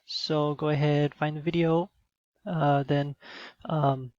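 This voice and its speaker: A man's voice: on the high side, little pitch movement, slow pace, darkish tone, no room sound, lo-fi sound. A man giving a recorded teaching demo, explaining in an instructional way with some fillers.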